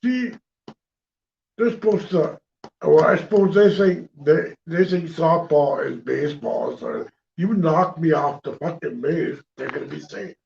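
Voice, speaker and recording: A man in casual chat telling a story gruffly and cursing freely. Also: a little high, measured pace, a little mellow. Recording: dull lo-fi recording with faint noise.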